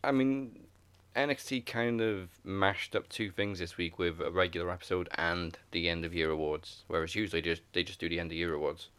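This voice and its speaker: Man, low voice, laid-back podcast talk, wry, dry sound. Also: fairly even intonation, fairly quick, fairly bright tone, clear, resonant tone, no echo. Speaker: podcast co-host. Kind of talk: casual wrestling chat.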